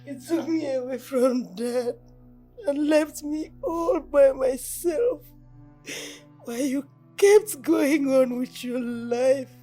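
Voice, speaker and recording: An actress playing a heartbroken young daughter who cries and pleads, with a Nigerian English accent. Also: female voice, high-pitched, mellow, exaggerated voice. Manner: tearful, insistent. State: crying. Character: heartbroken young daughter crying for her lover.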